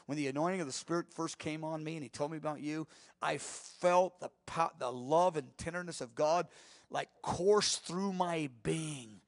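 A man's voice: a little high, moderate pace, natural voice. A man playing a tender old prophet.

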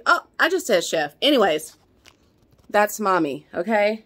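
Speaking at home without hurry, a middle-aged woman uses a fairly low, expressive, fairly bright voice. She's a vlogger in a casual chat to camera, a little out of breath and rambling with many fillers and restarts.

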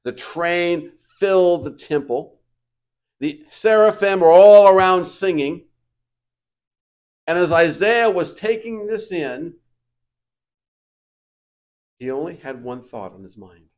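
Pastor, man, fairly high voice, preaches in surges from hushed to booming. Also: expressive, slow, pauses often. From United States. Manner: swings from quiet reflection to loud emphatic preaching. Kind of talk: sermon.

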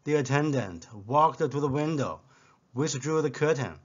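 A man whose first language is Chinese, reading short jokes aloud in a deadpan way. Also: mid-range voice, unhurried, breathy edge, muffled recording. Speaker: joke teller. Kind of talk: scripted joke telling.

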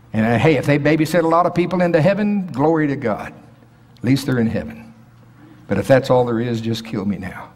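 Man, preacher, sermon, husky voice, emphatic rising delivery, long hall echo. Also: mid-range voice. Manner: preaching with rising, emphatic bursts and scripture reading. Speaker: pastor. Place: prayer center sanctuary.

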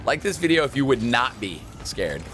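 A young man in casual, jokey gameplay commentary, excitable and quick to shout and laugh. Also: medium pitch, faint music behind. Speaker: gaming YouTuber.

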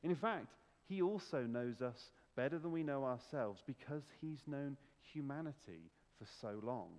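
A man's voice: medium pitch, expressive, moderate pace, darkish tone, long reverb tail. A man preaching a sermon as pastor, emphatic and full of rhetorical questions. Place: church.

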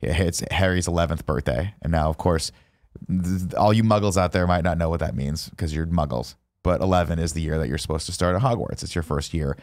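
A man's voice: sits low, brisk, no echo, clean studio sound. A man co-hosting a podcast, recapping a film in a casual comedic rant with mock outrage and lots of swearing, acting out the characters' lines. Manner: animated, rants with mock outrage, acts out lines.

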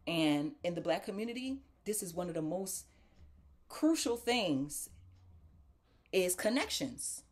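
A woman's voice: lowish voice, moderate pace, few pauses. A woman telling a casual story to viewers, acting out the voices of the people in it. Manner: animated, acts out quoted voices; talks straight to viewers as "y'all". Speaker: talk show host.

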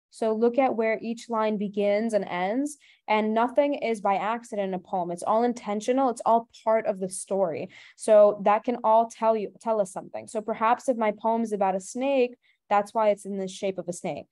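A woman tutor gives a brisk webinar lesson in a mellow, darker voice. She explains step by step and keeps asking rhetorical questions to guide her students. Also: medium pitch. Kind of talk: online webinar teaching.

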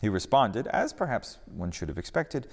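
Man doing a calm, unruffled rabbi. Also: medium pitch, moderate pace, big-room sound. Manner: unruffled, gently matter-of-fact. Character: calm good-natured rabbi teacher, man.

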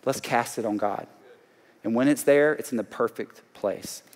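A man's voice: mid-range voice, normal speed. A man from Alabama with a Southern accent, preaching a sermon to a congregation with emphatic call-outs. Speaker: pastor. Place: large church auditorium. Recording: long hall reverb.

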